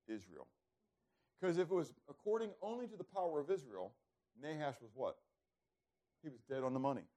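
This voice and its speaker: A man preaching a sermon, throwing rhetorical questions to the congregation and swinging from loud emphasis to hushed, low passages. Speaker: pastor.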